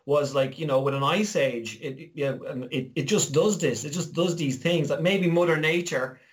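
Irish man, slightly high voice, lively storyteller for a casual chat. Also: normal speed. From Ireland. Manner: animated storyteller, acts out quoted voices.

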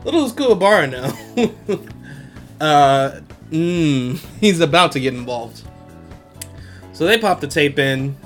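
Young dude recapping anime on his podcast, slangy and laughing a lot, kinda high voice, faint guitar behind. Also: big pitch swings, takes it slowly, long pauses, fairly bright tone. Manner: slangy, laughs often, quotes characters in his own voice. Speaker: podcast host. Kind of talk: casual anime episode recap.

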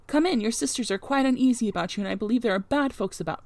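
A blunt old servant woman, gruff and suspicious, as a woman reader puts her on. She scolds in a rustic country dialect, her voice lifted a touch higher and louder than plain narration. The sound is dry and close. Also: quick pace, no echo, close to an everyday voice. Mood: scolding.

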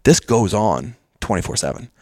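A man speaking as a podcast guest, telling candid personal stories in an animated way and quoting others as he goes. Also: lowish voice, moderate pace, dry recording, clean studio sound. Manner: animated, quotes others in acted voices. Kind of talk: candid conversational storytelling.

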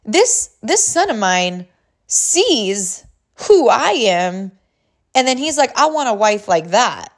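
Animated woman coach telling a story. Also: fairly high pitch, slow pace. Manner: energetic storytelling, often laughing. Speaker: life coach. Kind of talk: motivational talk to camera.

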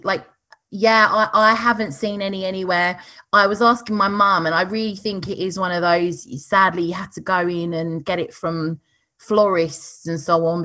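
A woman's voice: mid-range voice, pushed and bright. A woman co-hosting a chatty podcast, playful and giggly, who breaks into song. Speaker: podcast co-host. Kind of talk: casual chat.

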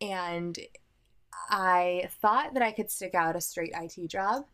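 A woman's voice: fairly low pitch, slow pace, a bit bright. A woman, chatting as an interview guest, talking freely about her career with ums and light laughter. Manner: chatty and self-aware, with frequent ums and laughs. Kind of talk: casual conversational interview.

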